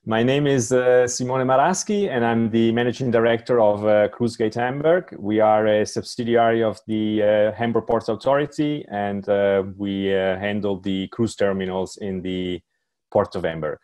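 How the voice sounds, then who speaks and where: A man, a port managing director, introducing himself formally on a panel with many hesitant pauses. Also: lowish voice, a little mellow.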